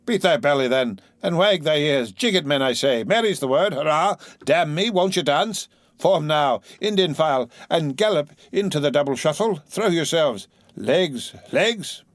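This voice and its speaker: A crew of rowdy sailors, hearty and loud, calling the watch and urging a dance, as a man puts them on. The reading is recorded dry and close. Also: on the high side, lively intonation, normal speed, dry recording, voice pushed up, lightly acted. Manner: hearty, bellowing.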